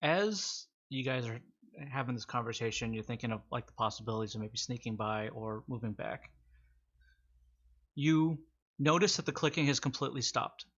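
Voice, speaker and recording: Man game master, bright stuffy voice, suspenseful narration, dull lo-fi sound. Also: medium pitch. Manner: slow, suspenseful descriptions with fillers and restarts. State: stuffy, slightly rusty voice from sinus trouble.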